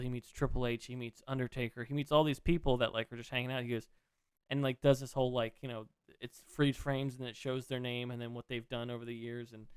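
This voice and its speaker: Man, casual podcast chat, excitable, rambling, smooth clear voice, dry close sound. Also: mid-range voice, no room sound. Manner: rambling, excitable, swears freely. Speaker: podcast co-host.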